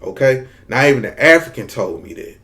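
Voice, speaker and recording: Man, Mississippi drawl, country, laid-back, drags words, slangy storytelling, middle pitch. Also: big pitch swings, brisk, gravelly, fairly bright tone. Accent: Mississippi Southern drawl. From Mississippi, US South. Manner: laid-back, drags words, slangy, frequent "you know what I'm saying". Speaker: content creator. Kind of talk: casual storytelling monologue.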